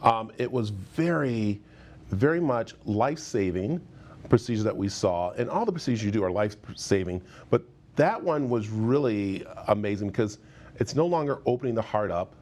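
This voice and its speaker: A man's voice: lowish voice, lively intonation, moderate pace, a little mellow. A man in his fifties hosting a TV morning show, chatting in a studio interview with a friendly manner and many fillers. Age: 50s.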